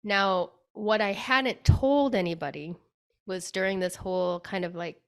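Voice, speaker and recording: A woman's voice: medium pitch, unhurried, fairly bright tone, clear, resonant tone. A woman being interviewed on a podcast as a spirit medium, telling a personal story in a chatty way, often saying "like" and acting out her own past words.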